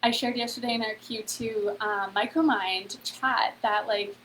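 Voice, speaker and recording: Woman host, slightly higher voice, easygoing live-stream motivational chat with a faint hum behind. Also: fairly even intonation, unhurried, fairly bright tone, low-quality recording. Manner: chatty, heavy on "like" and "okay?", addresses viewers directly. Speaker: host of a free online event.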